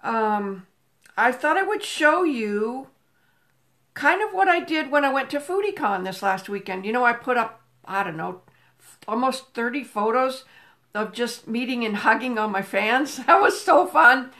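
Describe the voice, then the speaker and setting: A woman's voice: a little high, lively intonation, a little slow, bright, forceful tone. An older woman hosting a casual live stream from home, chatting and greeting viewers by name into a phone camera. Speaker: livestream host. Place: home room with a table. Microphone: phone camera on a table.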